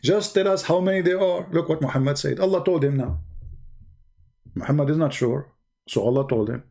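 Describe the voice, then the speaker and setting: A man's voice: a little high, fairly quick, creaky, warm tone. Sarcastic man with a raised voice. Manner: mocking, sarcastic, challenging. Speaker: live-stream religious debater. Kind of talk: polemic monologue.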